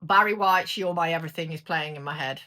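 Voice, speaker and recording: A woman's voice: sits low, quick pace, pushed and bright. A woman with a British accent giving a casual, chatty tarot reading, blunt and sweary as she turns the cards. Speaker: tarot reader.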